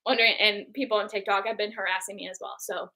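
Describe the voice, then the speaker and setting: A woman's voice: medium pitch, quick pace. A young woman co-hosting a book club livestream, chatting casually and acting out quotes as she tells stories. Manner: animated storyteller who acts out quotes.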